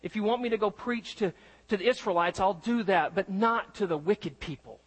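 A middle-aged male pastor preaching with a notably high voice. He talks in a loose, conversational way, with plenty of rhetorical questions and phrases that he restarts partway through. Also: normal speed, husky, poor audio. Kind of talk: sermon.

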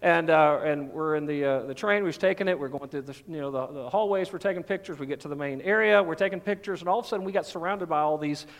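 Folksy Southern pastor in a reverberant hall. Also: male voice, a little high, fast talker, gravelly, hardly any pauses. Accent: light Southern US. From Texas. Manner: folksy, conversational, many fillers. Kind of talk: sermon.

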